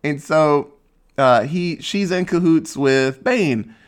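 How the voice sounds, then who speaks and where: A man's voice: a little high, slow, clear, resonant tone. A man casually recapping a movie plot in a rambling, sarcastic way, swearing freely.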